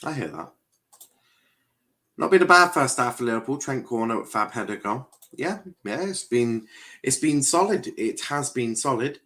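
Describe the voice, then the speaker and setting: A young man with a bright, forceful, medium-pitched voice hosts a football watchalong stream. His chat is casual and rambling; he reads viewer comments aloud, repeats phrases, and fills gaps with lots of fillers.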